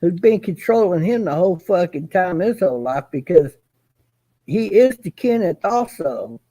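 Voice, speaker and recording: A man's voice: high-pitched, animated, moderate pace, mellow, no echo. A man hosting a casual chat, rambling and swearing, with many fillers and restarts. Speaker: host.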